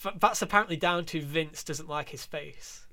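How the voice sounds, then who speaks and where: A man co-hosting a podcast in casual chat, animated and sarcastic, laughing often. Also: on the high side, normal speed. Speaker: podcast co-host.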